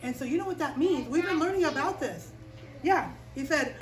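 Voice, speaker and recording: High-voiced woman telling a story to children. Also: moderate pace. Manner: animated, asks the children questions. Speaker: children's chapel teacher. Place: chapel. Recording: echoey room from a distance with faint noise.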